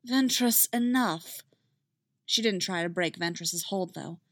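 A woman narrating a fan fiction story in a steady, even reading voice. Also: lowish voice, moderate pace, no room sound, studio quality.

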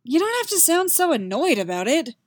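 A woman's voice: medium pitch, expressive, moderate pace, darkish tone, dry recording, close to an everyday voice. A woman voicing an emotional young male bard who pleads and gushes, breathless and emphatic. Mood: urgent.

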